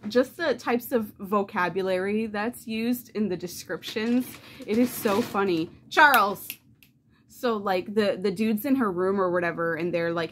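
A woman chatting casually in a reading vlog, animated and loose, swearing freely and saying "like" constantly. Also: on the low side, slight background noise. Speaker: book vlogger.

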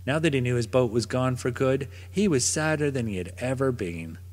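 A man reading a children's picture book aloud in a gentle, expressive storytelling manner. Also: mid-range voice. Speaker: storybook narrator. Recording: long reverb.

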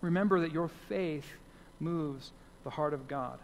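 A man's voice: a little high, unhurried, a little hiss or hum. A man preaching a sermon as pastor, earnest and repeating key phrases for emphasis. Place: church sanctuary. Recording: long hall reverb.

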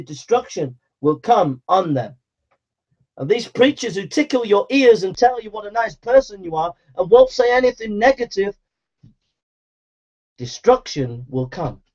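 Man, fiery preacher, high-pitched, repetitive and shouting, muffled lo-fi recording. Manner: forceful, repetitive exhortation with shouted calls to repent. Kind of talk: fiery street-style sermon. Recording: dull lo-fi recording.

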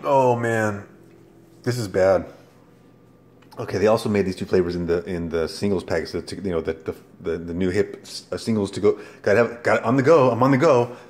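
A man reviewing products in a casual vlog, easily exasperated and breaking into loud, profane outbursts. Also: on the low side, a little fast.

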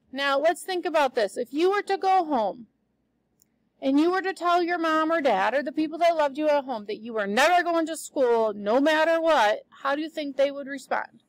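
High-voiced woman teacher reading aloud. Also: dry recording, poor audio. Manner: patient, explanatory, questioning. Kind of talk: reading a novel aloud to students, pausing to explain.

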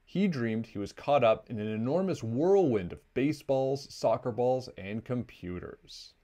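With a medium-pitched voice and measured pace, a man reads a children's picture book aloud in an expressive storytelling style.

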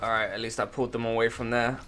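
Profane gamer, loud then muttering. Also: male voice, little pitch movement, quick pace, slight background noise. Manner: profane, self-mocking, swings from loud outbursts to low mumbling. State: just woken up, sore throat. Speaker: gamer streamer. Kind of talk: casual gameplay commentary.

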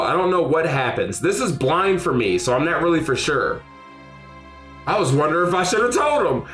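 A man streaming a game live, excitable and often shouting and laughing as he talks to his chat. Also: sits high, roomy sound. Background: faint game music.

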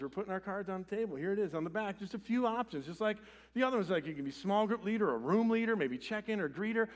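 A man preaching a sermon as pastor in a church, swinging from loud urgent appeals to quiet, intimate lines. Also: high-pitched, a little fast. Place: church sanctuary.

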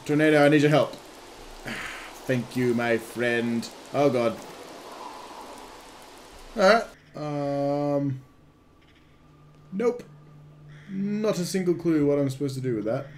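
A man's voice: on the high side, slow, pauses often, a little hiss or hum. A man giving jokey let's-play commentary over a game, exclaiming and making silly sound effects. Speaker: gaming video host.

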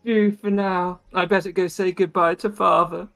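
A man's voice: high-pitched, flat delivery, moderate pace, creaky, a bit bright, soft background music, voice pushed up. A man voicing an earnest young male warrior in a tabletop role-play game, speaking with a slightly theatrical tone.

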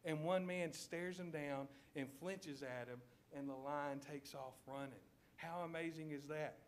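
A man preaching a sermon in a church, telling a story with lively checks of the congregation. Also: fairly high pitch, unhurried, a little hiss or hum. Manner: animated storytelling, addresses congregation with "okay?". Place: church sanctuary.

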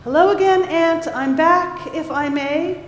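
A frantic little male cricket, put on by a woman reading aloud, high and lilting, who begs politely in a hurried, breathless way. The voice rings through a large echoey hall with a long tail of reverb and a faint room hum. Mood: pleading. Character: flustered hungry male cricket baker.

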